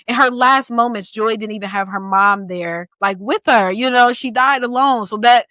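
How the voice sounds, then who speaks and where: A woman in her thirties co-hosting a podcast, chatting casually about a book in an animated, playful way and laughing often. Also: fairly high pitch, normal speed, no echo. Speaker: podcast co-host.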